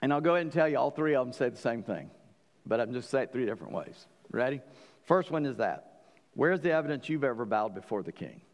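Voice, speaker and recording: A male pastor delivers a sermon in a mid-pitched voice. He speaks earnestly, repeating words as he restarts, and pushes to emphatic peaks. His voice carries the long reverb of a church hall. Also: big pitch swings, quick pace.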